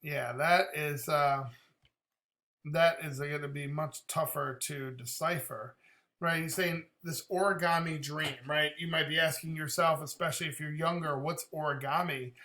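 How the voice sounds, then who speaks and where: A man's voice: fairly high pitch, fairly even intonation, a little slow, sharp tone. A man reacting to a rap song, thinking aloud about the lyrics, laughing often and swearing casually. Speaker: reaction video host.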